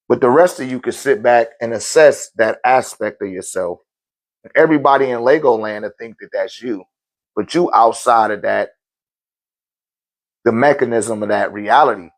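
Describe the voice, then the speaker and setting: A man teaching on a live-stream Q&A in loose, slangy talk, often checking in with his listeners. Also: mid-range voice. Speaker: spiritual teacher answering viewer questions.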